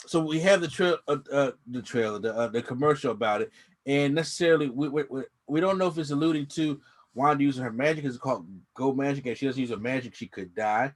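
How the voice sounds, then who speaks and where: A man with a medium-pitched, fast voice co-hosts a casual chat reviewing a TV episode, rambling with slang and restarting often.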